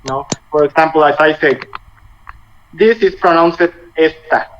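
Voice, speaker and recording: A man in his twenties teaching a language lesson over a video call, halting and often rephrasing as he explains. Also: fairly high pitch, fairly bright tone. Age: 20s. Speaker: Spanish teacher. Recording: muffled video call audio with faint noise.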